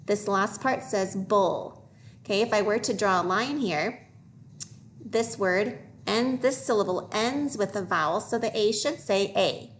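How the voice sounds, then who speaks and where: Woman, primary teacher, phonics lesson; slow modeled reading, a little background hiss. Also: medium pitch. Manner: slow, deliberate modeling of words for young learners.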